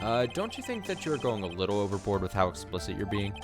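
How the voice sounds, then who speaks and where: A man's voice: on the low side, big pitch swings, fast talker. A man reading as an earnest young defense lawyer. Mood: probing. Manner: probing, questioning. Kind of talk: let's play voice acting. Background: game music.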